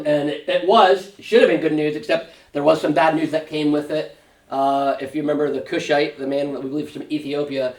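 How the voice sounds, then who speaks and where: Pastor teaching Bible study in a roomy hall. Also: male voice, a little high. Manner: conversational, uses rhetorical questions and fillers. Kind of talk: Sunday school Bible teaching. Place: church classroom. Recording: roomy church room, mic at a distance.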